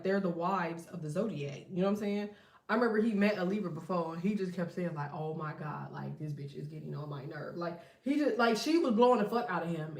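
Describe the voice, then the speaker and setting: A woman chats through a tarot reading in a blunt, slangy, profane way. She sits back from the mic, and the room around her rings with echo. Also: mid-range voice. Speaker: tarot reader. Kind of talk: casual tarot reading chat. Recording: roomy echo, distant from mic.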